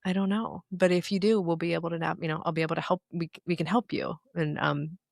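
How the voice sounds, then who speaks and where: A woman's voice: fairly low pitch, steady tone, quick pace, creaky, no room sound, clean studio sound. A woman in her thirties, a guest in an interview, telling personal stories in an earnest, reflective way. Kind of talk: candid interview conversation.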